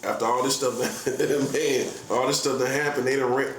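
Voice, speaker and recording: A man's voice: medium pitch, fairly even intonation, normal speed. A man in his forties, a prophet, ranting casually in slangy, repetitive, boastful talk. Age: 40s. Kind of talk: casual vlog rant. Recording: echoey room with faint hum.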